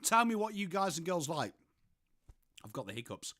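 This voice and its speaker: English male stream host, bright forceful voice, dry close sound, chatty and sweary. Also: a little high, very animated, moderate pace, no echo. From England. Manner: chatty, sweary, reads out and answers chat. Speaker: livestream host. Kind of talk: casual live-stream chat.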